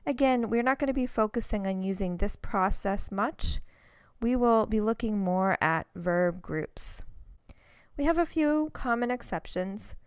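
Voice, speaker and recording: Woman teacher, unhurried, smooth clear voice, dry close sound, patient step-by-step explaining. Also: medium pitch, animated, dry recording. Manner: clear, patient explaining, slow careful example words. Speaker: language teacher. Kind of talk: recorded lesson narration.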